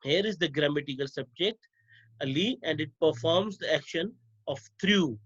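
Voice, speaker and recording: Guy teacher going over grammar slides, slow and repetitive, high voice, kinda dull audio. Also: a bit bright, breathy edge. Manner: slow, repetitive explaining to students.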